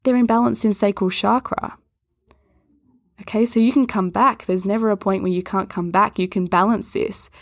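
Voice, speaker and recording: A woman's voice: mid-range voice, steady tone, moderate pace, no room sound, studio quality. A woman yoga and Reiki teacher talking earnestly on a podcast, coaxing the listener and speaking straight to them. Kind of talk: podcast talk on chakras.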